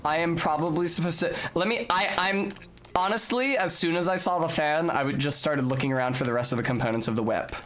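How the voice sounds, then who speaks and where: A man's voice: on the high side, brisk, fairly bright tone. A young man streaming a game, chatting casually and explaining at length, with the odd swear. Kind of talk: live game stream chat.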